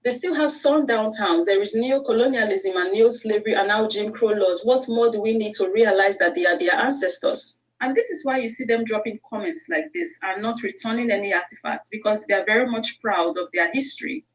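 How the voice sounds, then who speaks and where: A woman's voice: mid-range voice, a little fast, few pauses. A woman giving spoken commentary directly, appealing to her listeners. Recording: distant from mic.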